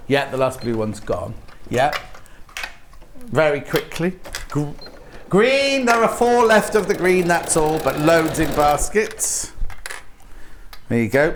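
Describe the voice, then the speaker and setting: British male shopping presenter, upbeat sales push, lively pitch, slight hum in studio. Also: slow, pauses often. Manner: upbeat, urging viewers to buy.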